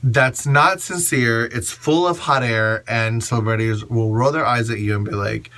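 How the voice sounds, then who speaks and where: A man who works as a drag performer and MC, giving blunt, sassy advice and acting out gushing fans in shrill voices. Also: normal speed, hardly any pauses, bright, forceful tone, slight background noise. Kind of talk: casual advice monologue.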